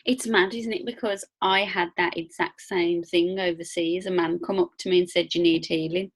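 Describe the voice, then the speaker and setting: A woman who works as a Reiki and spiritual coach hosts a spiritual podcast, chatting enthusiastically and emphatically in a casual interview. Her voice is on the low side and slightly rough, with fairly even intonation at a normal speed.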